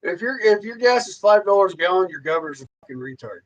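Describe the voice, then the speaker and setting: High, lively, swearing livestream ranter. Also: male voice, fast talker, lo-fi sound. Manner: profane, ranting, heavy swearing; loose, rambling, repeats himself. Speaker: livestream host. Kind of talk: casual rambling livestream monologue.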